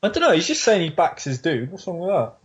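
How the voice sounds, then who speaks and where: A man's voice: fairly high pitch, huge pitch swings, quick pace, slightly rough. A man co-hosting a casual podcast chat, laid-back and sweary. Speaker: podcast co-host.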